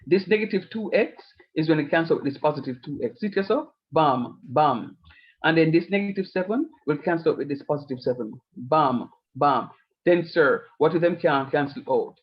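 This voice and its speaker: Man, math teacher, patient step-by-step explaining, slightly high voice, dull lo-fi audio. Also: quick pace, hardly any pauses. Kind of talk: online math lesson. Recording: lo-fi online class audio.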